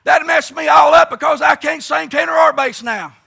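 A middle-aged man preaching a fervent, folksy revival sermon at a camp meeting, often shouting and telling homespun stories. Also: very high voice, normal speed, gravelly. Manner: fervent, folksy storytelling with frequent "uh" and "let me tell you something".

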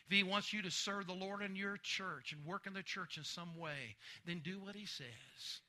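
A man preaching a revival sermon with fervor, swinging from hushed pleading to shouting. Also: fairly high pitch. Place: church meeting.

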